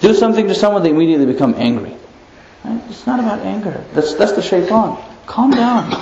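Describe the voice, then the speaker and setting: A man's voice: fairly high pitch, a little hiss or hum. Man preaching in an echoey room. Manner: animated, rhetorical questions, playful asides. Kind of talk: Islamic lecture. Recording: echoey muffled room recording.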